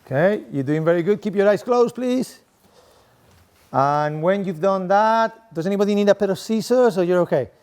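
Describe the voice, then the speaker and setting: Middle-aged man with a Spanish accent, slightly high voice; chatty, playful lecturer working the room. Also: animated, normal speed, a little mellow, smooth. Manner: playful, chatty, tags lines with "okay?". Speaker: sport coaching professor giving a talk. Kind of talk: interactive talk to a live audience. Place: room with a seated audience at desks.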